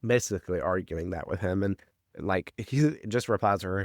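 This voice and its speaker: A man's voice: sits low, moderate pace, no echo, clean studio sound. A man co-hosting a podcast, recapping a TV episode in rambling casual chat full of fillers and swearing.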